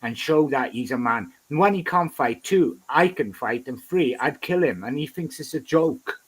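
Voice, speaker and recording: A man's voice: mid-range voice, expressive, moderate pace, slightly rough. A man in a heated, boastful, sweary casual chat on a stream.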